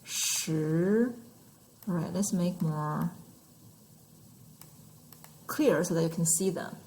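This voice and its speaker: A woman's voice: on the low side, slow pace, dark tone, a little hiss or hum, poor audio. A woman teaching numbers and tones in an online lesson, patient and demonstrating each sound aloud. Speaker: Mandarin teacher.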